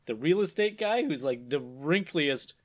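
A man's voice: on the high side, expressive, a little slow. A man hosting and narrating a vintage horror comic aloud, with chatty, chuckling asides. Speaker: host and narrator.

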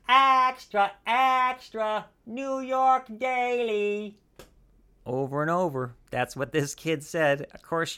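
Male podcast host, mid pitch, loose chatty delivery that stumbles and restarts. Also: fairly bright tone. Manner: rambling, full of restarts and asides. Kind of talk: casual podcast chat.

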